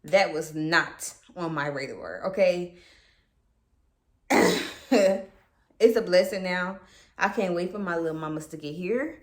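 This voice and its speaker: In a casual storytime for her viewers, a young female vlogger speaks frankly and swears liberally. Her voice is on the low side, slow, with long pauses, and the room is echoey with background noise.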